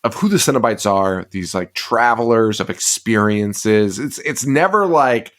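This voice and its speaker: A man's voice: lowish voice, animated, unhurried, fairly bright tone. A man co-hosting a podcast, recapping a movie in casual chat, swearing constantly and rambling with fillers. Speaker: podcast co-host.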